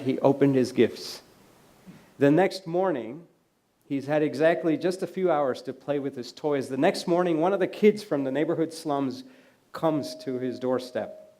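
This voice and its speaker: A man giving a conference keynote in a lecture hall, telling stories conversationally and dropping to a quiet voice for quoted lines. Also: a little high. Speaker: keynote speaker.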